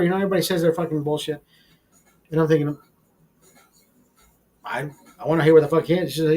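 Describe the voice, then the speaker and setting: A man's voice: a little high, steady tone, racing, pauses often, a little mellow. A young man, the host, telling a long casual story in a rambling, heavily profane way. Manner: profane, rambling, mimics voices.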